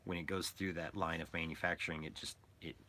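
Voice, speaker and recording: A man's voice: low voice, little pitch movement, brisk, sharp tone, slight background noise. A man chatting casually and playfully in a vlog about painting and making toys. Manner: rambling, playful, joking aside. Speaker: toy artist and painter.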